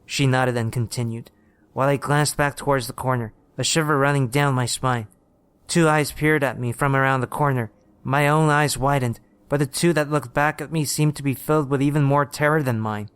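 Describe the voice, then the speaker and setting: Brief: male horror-story narrator, smooth and resonant, steady delivery, dry close sound. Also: mid-range voice, moderate pace, no echo.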